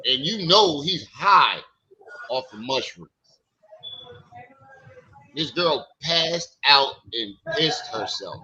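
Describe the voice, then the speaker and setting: Bright-voiced man mocking a story. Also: mid-range voice, animated, takes it slowly, pauses often, muffled recording. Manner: mocking, incredulous, laughing retelling. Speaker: stream host. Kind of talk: casual commentary.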